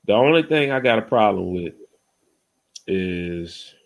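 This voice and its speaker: A man's voice: fairly low pitch, expressive, unhurried, vocal fry. A man hosting a podcast in loose, rambling casual chat, peppered with "you know what I'm saying" and getting heated when he rants. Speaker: podcast host.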